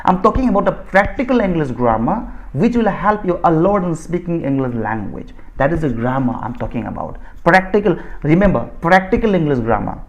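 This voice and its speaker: A man's voice: fairly high pitch, sing-song, a little fast, few pauses, highs cut off. Indian-accented man teaching spoken English. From Assam, India. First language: Bodo. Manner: repetitive, insistent, rewords phrases and restarts often. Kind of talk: explanatory lecture.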